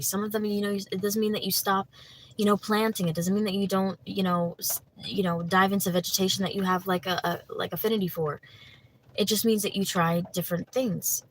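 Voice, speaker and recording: A woman's voice: mid-range voice, a little hiss or hum, low-quality recording. A woman doing a livestream tarot reading, chatty and full of fillers, talking to her viewers by name. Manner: chatty, many fillers like "you know" and "like"; laughs easily, talks to viewers by name. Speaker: tarot reader.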